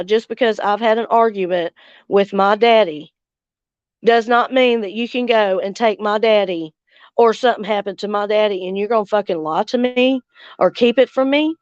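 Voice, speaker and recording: A woman talks to her livestream viewers, blunt and furious and swearing freely. Her voice is smooth and clear, with a dry, close sound. The recording is slightly dull and lo-fi. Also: medium pitch, dry recording. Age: 40s. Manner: angry, blunt, heavy swearing, reads out viewer comments. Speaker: livestream host. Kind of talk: casual livestream chat with viewers.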